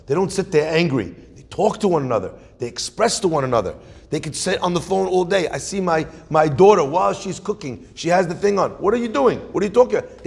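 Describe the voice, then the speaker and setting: A middle-aged man preaching as a rabbi, his fairly high voice gravelly and husky. He tells stories and keeps asking the room questions. A long reverb trails behind him in the hall. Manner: storytelling with Yiddish-flavored phrasing and rhetorical questions. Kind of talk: sermon. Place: room with an audience.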